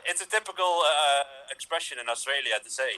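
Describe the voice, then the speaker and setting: Laid-back male improviser on a video call; bright, a touch high. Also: fairly quick. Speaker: improv performer.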